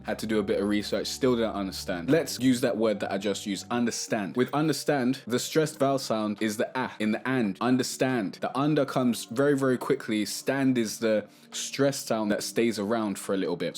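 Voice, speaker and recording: A man hosting a casual music tutorial, talking to camera in a relaxed, chatty way and sometimes singing short melody snippets. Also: on the low side.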